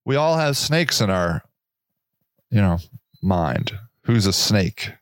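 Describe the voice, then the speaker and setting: A man's voice: lowish voice, big pitch swings, slow, no room sound, clean studio sound. A man hosting his own podcast, talking alone in a rambling, sarcastic way and laughing at his own jokes. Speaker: podcast host. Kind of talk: casual monologue.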